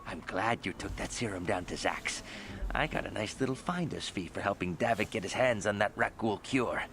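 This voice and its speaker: Greedy italian-accent clinic helper, low and grumbly. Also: male voice, lively intonation, normal speed, noisy background. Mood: smug. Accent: Italian-sounding. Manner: complaining, self-satisfied. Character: greedy griping clinic assistant man.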